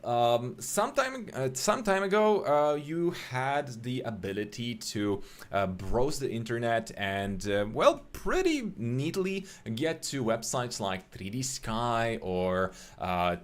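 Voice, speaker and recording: A man's voice: medium pitch, very animated, slow, few pauses. A young man teaching a live online 3D rendering webinar, talking in a chatty way with many fillers and restarts. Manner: chatty, filler-heavy, greets viewers by name.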